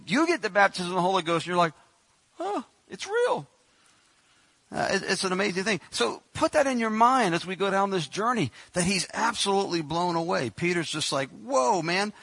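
A man's voice: sits high, lively intonation, quick pace, few pauses, a bit bright, dry recording. A man preaching a sermon in a conversational way, acting out the people in the story as he goes. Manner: conversational preaching, acts out biblical characters.

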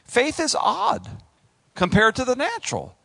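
A middle-aged male pastor preaching a sermon, animated, acting out voices and talking straight to the congregation. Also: very high voice, unhurried, gravelly, dry recording, studio quality.

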